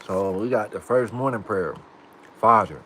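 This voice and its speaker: Man, casual livestream chat, slow delivery, slightly low pitch, street slang. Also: bright, forceful tone, slight background noise. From United States. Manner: slow, laid-back street slang, practicing words aloud. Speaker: livestream host.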